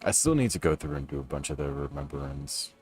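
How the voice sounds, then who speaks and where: Deep-voiced young male streamer, joking. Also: animated, brisk, a little mellow, faint music behind. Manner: joking, slangy, tired toward the end. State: tired. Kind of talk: casual gaming chat on stream.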